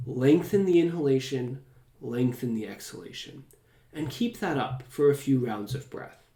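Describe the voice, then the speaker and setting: Soft-spoken man guiding a calm meditation. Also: mid-range voice, echoey room. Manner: soft, slow and soothing, drawn-out phrases. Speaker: host. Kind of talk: calm guided meditation talk.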